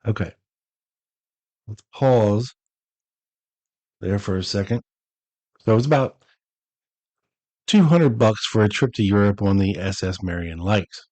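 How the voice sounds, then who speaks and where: A man hosting a podcast, reading an old statement aloud and breaking off for relaxed, chatty asides with drawn-out emphasis. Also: lowish voice, no echo, rough recording. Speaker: podcast host.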